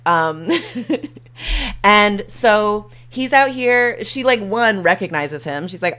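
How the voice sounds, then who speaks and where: A woman's voice: on the low side, measured pace, fairly bright tone. A woman streamer chatting casually and playfully, full of fillers and acted-out quotes while retelling a movie.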